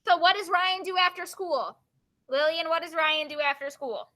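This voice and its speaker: A woman's voice: very high-pitched, normal speed, bright, forceful tone. A woman teacher reading a book of poems aloud to her class, stopping to ask students questions and explain.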